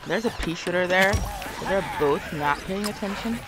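A woman streaming a video game, chatting and reacting excitably as she plays. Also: fairly low pitch, normal speed, heavy background noise. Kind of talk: live gameplay commentary. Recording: game music behind.

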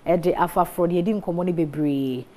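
A woman's voice: lowish voice, fairly quick, warm tone. A woman with a Ghanaian accent hosts a studio interview, asking her guest questions and nodding along with short affirmations. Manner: brief affirming backchannels, poses questions. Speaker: TV host.

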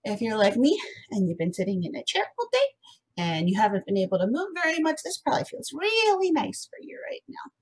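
A young woman teaching a music lesson to small children from home, her voice bright and sing-song. Her pitch sits fairly high and swoops widely. Her tone carries a slight huskiness. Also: wildly swooping pitch, a little fast, slightly rough.

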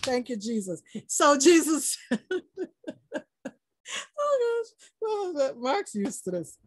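A woman preaching an informal online sermon, lively and laughing often, acting out quoted people with sudden shouts and low murmurs. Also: takes it slowly. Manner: quotes people in acted voices.

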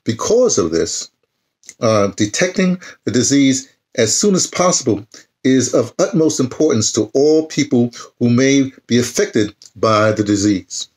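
Man in his sixties, reading aloud, casual, rambling asides, frequent restarts, mid-pitched voice. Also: expressive, unhurried, a little mellow. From United States. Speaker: YouTube channel host.

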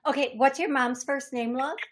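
A woman's voice: sits high, moderate pace. A woman hosting a call-in radio show as a psychic medium. She rambles, laughs at herself and repeats key phrases for emphasis. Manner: chatty, rambling, self-deprecating.

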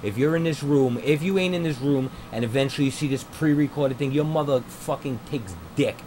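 A man's voice: mid-range voice, fairly quick. A young man streaming a game at home on a headset mic, ranting in crude, mocking slang. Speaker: gameplay streamer. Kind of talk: profane ranting gameplay commentary. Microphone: noise-cancelling headset mic. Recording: steady background noise.

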